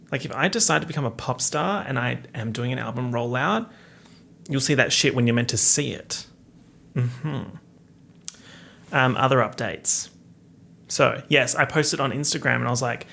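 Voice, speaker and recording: A young man hosting a casual solo podcast, joking in a campy, sarcastic way with big swings in pitch, speaking into a studio microphone. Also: expressive, moderate pace, creaky, a bit bright. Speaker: podcast host.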